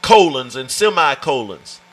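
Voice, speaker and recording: A man's voice: mid-range voice, sing-song, unhurried, a bit bright, low-quality recording. A man teaching a Bible study in an emphatic, folksy way, often calling out "watch this" and "amen" to his listeners. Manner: informal, folksy phrasing.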